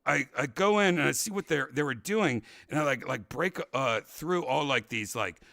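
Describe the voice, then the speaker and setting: A man hosting a casual talk show, rambling through a story and loudly acting out what people said. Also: medium pitch, normal speed, gravelly, no room sound, clean studio sound. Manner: rambling, animated, acts out quotes loudly. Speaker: podcast host.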